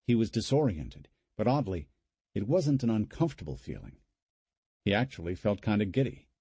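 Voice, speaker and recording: A man narrating an audiobook in an expressive, dramatic reading style. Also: fairly low pitch, husky, dry recording.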